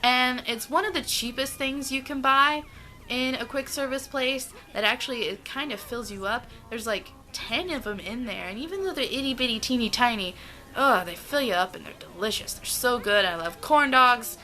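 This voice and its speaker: A woman's voice: on the high side, bright, forceful tone, rough recording. A young American woman gushing about her favorite foods in a casual vlog, stretching out her words. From United States. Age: young adult. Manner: gushing, enthusiastic, drawn-out words. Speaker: vlogger.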